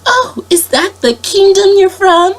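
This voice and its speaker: A woman with a sick voice imitating a chatty, sweet fairy-tale princess in a breathy, high falsetto. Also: expressive, measured pace. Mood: sing-song.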